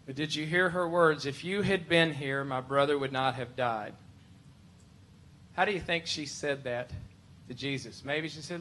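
A worship pastor preaching a conversational, emphatic sermon full of rhetorical questions. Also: male voice, on the high side, moderate pace. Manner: emphatic, shifts to loud pleading when voicing Martha.

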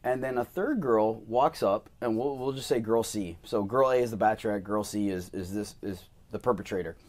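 A young man hosting a casual podcast interview, telling animated stories and acting out quoted voices. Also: lowish voice, brisk. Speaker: podcast host and male dancer.

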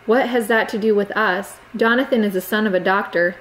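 A woman reading aloud, voicing a timid teenage girl who pleads softly. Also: mid-range voice, fairly even intonation, fairly quick, natural voice, low-quality recording. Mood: pleading. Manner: soft, pleading.

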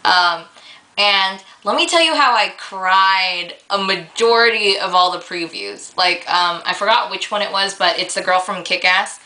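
Young woman ranting into her camera, bright clear voice, lots of um and like, gets all worked up. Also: mid-range voice, a little slow, rough recording. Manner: rambling, filler-heavy, excitable storytelling. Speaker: vlogger. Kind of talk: casual rant to camera.

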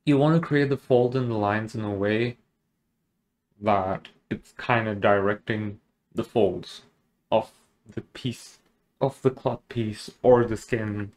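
A man's voice: fairly low pitch, slight background noise. A man chatting casually as he draws digitally, rambling along with jokes and self-deprecating asides. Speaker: digital artist. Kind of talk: casual commentary while drawing.

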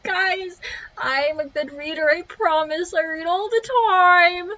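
A woman's voice: very high-pitched, takes it slowly, bright, forceful tone. A young woman streaming a game, joking, swearing and getting exasperated. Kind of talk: casual live-stream commentary. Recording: crunchy lo-fi stream audio.

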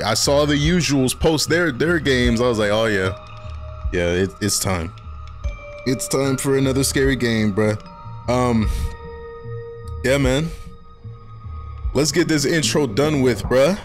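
A young man hosting a casual horror game let's play, talking in loose slang and getting jumpy and excitable when startled. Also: medium pitch. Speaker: gaming channel host.

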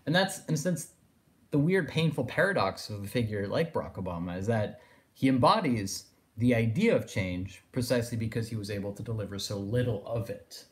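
Male lecturer, discursive and reflective, middle-pitched voice. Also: animated, brisk. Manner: discursive, thinking aloud with fillers like "in a sense". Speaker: philosophy lecturer. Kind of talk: recorded lecture.

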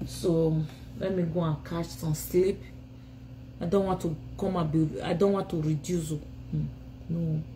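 A woman's voice: low voice, fairly even intonation, measured pace, warm tone, slight background noise, rough recording. A Nigerian woman ranting in a phone live video from home, scolding and insulting her rivals while tired and sleepy. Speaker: vlogger.

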